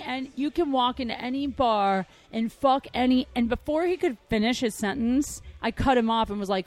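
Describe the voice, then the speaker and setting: A woman's voice: on the high side, moderate pace. A woman comedian in her thirties hosting a podcast, telling stories in a brash, candid, profane way. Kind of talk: casual podcast chat.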